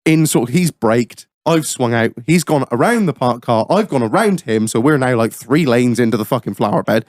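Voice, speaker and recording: A man hosting a podcast, telling a road-rage story in a profane, animated way. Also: mid-range voice, normal speed, no room sound, studio quality. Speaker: podcast host. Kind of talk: casual chat, storytelling.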